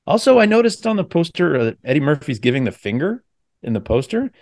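A man's voice: fairly high pitch, big pitch swings, a little fast, a little mellow, no echo, studio quality. A male podcast host chatting casually over a video call, rambling and correcting himself as he talks.

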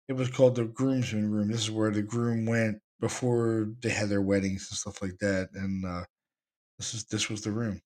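Excited man hosting a ghost-hunting podcast. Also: lowish voice. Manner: excited, enthusiastic, repeats himself. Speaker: podcast host, paranormal investigator. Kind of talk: podcast talk about recordings.

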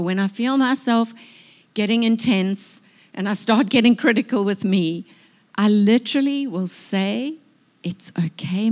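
A woman sharing a personal testimony in a sermon before a congregation, speaking earnestly and with emotion. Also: mid-range voice. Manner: earnest, emotional, tearful at moments. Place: church hall before a congregation.

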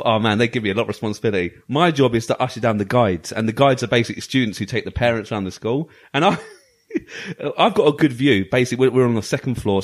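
A man co-hosting a podcast, telling a story in casual chat. He talks quickly and rambles, laughing often. His pitch swings widely as he speaks. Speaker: podcast co-host.

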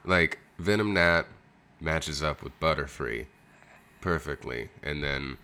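A man's voice: very deep voice, slow pace, pushed and bright. A young adult man co-hosting a podcast, chatting casually in a loose, jokey way and swearing freely. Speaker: podcast co-host. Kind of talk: casual chat.

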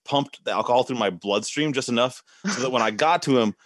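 A man's voice: medium pitch, fairly quick, no echo, clean studio sound. Laid-back rambling young man host. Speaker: podcast host. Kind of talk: casual chat.

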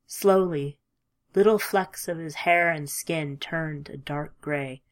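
A woman reading a first-person story aloud in a measured, emotive way, dropping at times to a hush. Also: low-pitched. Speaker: audiobook narrator. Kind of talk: scripted audiobook narration.

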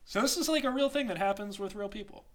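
Thirtysomething cohost telling a story, bright edgy voice, dry jokes. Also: medium pitch, quick pace. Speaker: podcast co-host. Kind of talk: casual storytelling chat.

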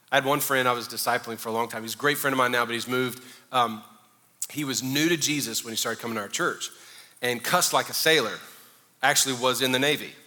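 A man's voice: medium pitch, fairly quick, bright, forceful tone, in a large hall. A man preaching a sermon as a pastor, joking and conversational with the congregation.

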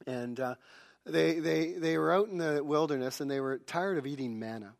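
A middle-aged male pastor delivers an earnest, emphatic sermon in a fairly high voice for a man. He builds points through repetition and lightens them with self-deprecating humor. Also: normal speed, vocal fry.

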